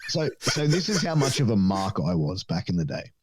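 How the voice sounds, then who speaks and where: A man's voice: sits low, sing-song, fairly quick, background noise. A man telling stories in casual chat as a podcast guest, swearing often and filling his talk with likes and you-knows. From Australia. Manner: rambling, profane, many fillers, acts out voices in stories.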